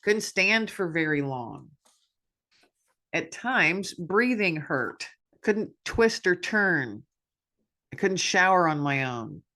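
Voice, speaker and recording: A woman's voice: on the low side, expressive, slow pace, pushed and bright. A woman podcast host talking candidly in a personal reflection monologue, self-deprecating and upbeat.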